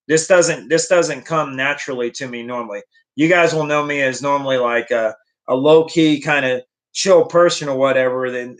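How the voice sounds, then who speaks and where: Young guy vlogging, earnest faith-pep talk, keeps restarting sentences, kinda high-ish voice. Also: a bit bright. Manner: earnest, repeats and restarts phrases. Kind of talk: casual motivational talk to camera.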